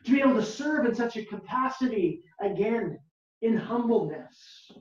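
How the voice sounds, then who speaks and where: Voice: mid-range voice, animated. Preacher in a very echoey, distant room. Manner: slow, emphatic preaching with repeated key words and rhetorical questions. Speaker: pastor. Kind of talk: sermon. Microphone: video call, far from the mic. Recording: very echoey, distant, dull lo-fi video call audio.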